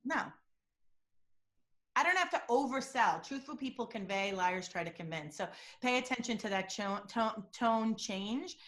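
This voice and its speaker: A woman guest explaining deception cues in an interview, telling animated stories and acting out quotes. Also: on the high side, moderate pace, few pauses. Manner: animated storytelling, acts out quotes. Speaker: body language and deception expert guest. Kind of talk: interview answers with examples.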